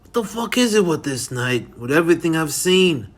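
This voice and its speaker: A man's voice: on the high side, very animated, normal speed. A profane street brawler, read by a man with a slightly raised voice in an audiobook. He talks with biting sarcasm and plain, everyday delivery. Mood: exasperated. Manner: cursing, sarcastic.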